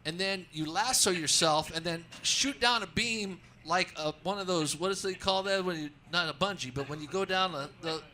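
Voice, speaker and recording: A man who works as a racetrack announcer, telling stories in a radio interview in an excitable way, acting out his own calls and restarting his sentences often. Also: high-pitched, moderate pace, hardly any pauses, a little hiss or hum. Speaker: racetrack announcer, show guest. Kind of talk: animated storytelling in a radio interview.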